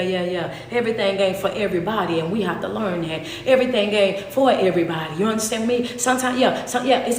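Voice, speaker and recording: A woman's voice: medium pitch, echoey room, slight background noise. A woman preaching a Bible story in casual, colloquial speech, dramatic and repetitive, with emphatic callbacks to her listeners. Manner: colloquial Southern US English. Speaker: motivational speaker. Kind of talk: sermon-style preaching.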